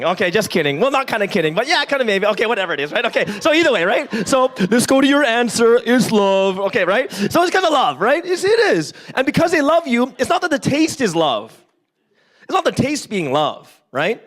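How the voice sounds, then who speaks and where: A man from Canada delivering a relaxed sermon at a church service. He talks in a high voice that jumps all over the place, teasing the congregation and tossing questions at them in an easy conversational way. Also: moderate pace. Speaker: pastor. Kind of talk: casual sermon.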